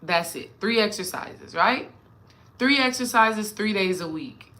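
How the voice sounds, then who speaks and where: A woman's voice: mid-range voice, animated, unhurried, pushed and bright. A woman spiritual coach talking casually and animatedly to her viewers, addressing them directly.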